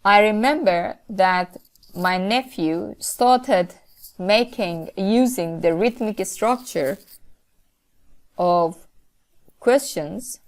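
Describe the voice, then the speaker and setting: Slow, deliberate woman lecturer. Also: medium pitch. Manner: slow, deliberate explaining with careful pauses. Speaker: linguistics lecturer. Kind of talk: recorded lecture.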